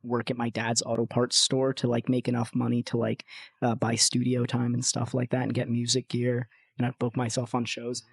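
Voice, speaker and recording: A man's voice: moderate pace, vocal fry, slightly rough, dry recording. Young man, American accent, casual podcast chat, storyteller, dry close sound. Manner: animated storyteller, swears, mimics others in high voices. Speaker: guest musician.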